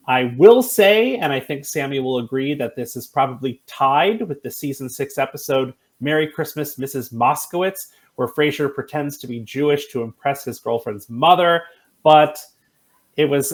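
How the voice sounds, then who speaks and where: A man co-hosting a casual TV recommendation chat, animated and chatty with many fillers. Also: medium pitch. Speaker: co-host.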